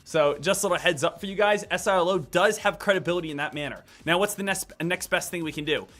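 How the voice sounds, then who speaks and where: A man giving live stock trading commentary in an energetic way, hammering home points with repeated phrases. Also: high-pitched, fast talker, soft background music.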